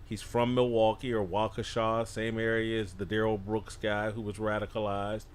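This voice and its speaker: A man's voice: lowish voice, level tone, normal speed, slight background noise. A man appearing as a guest on a podcast, making blunt, emphatic points in casual political talk.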